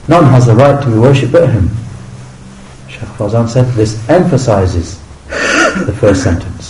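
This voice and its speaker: A man teaching a recorded religious lesson, explaining an Arabic text in measured English and repeating each term with its meaning. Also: fairly low pitch, dark tone, echoey room, slight background noise, poor audio. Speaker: teacher translating and explaining a scholar's commentary.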